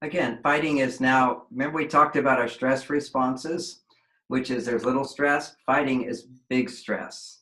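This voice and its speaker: A man's voice: mid-range voice, steady tone, a little slow, pushed and bright. A man guest on an interview show, explaining relationships in an expansive way and acting out quoted voices. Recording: echoey room.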